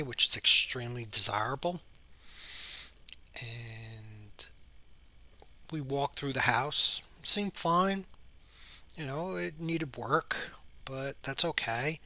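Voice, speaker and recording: A man, a real estate agent, telling an anecdote in a chatty, halting way, often dropping to a near whisper. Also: mid-range voice, pushed and bright, dry recording.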